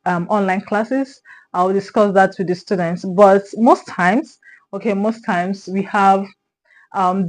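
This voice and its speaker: A woman's voice: medium pitch, a little mellow, rough recording. Nigerian woman tutoring English. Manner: repeats points and checks in with "okay?". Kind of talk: exam-prep lesson.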